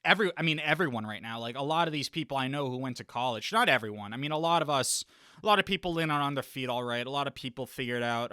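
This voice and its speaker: A man's voice: mid-range voice, expressive, fast talker, pushed and bright, clear, resonant tone, no room sound, clean studio sound. A young man hosting a podcast in a rambling, boastful casual chat, often laughing between thoughts. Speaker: podcast host.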